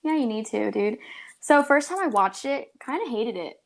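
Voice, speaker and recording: A young Californian woman co-hosts a podcast, her voice a little high and animated at a normal speed. She rambles and giggles through casual chat, sprinkling in plenty of "like" and "dude."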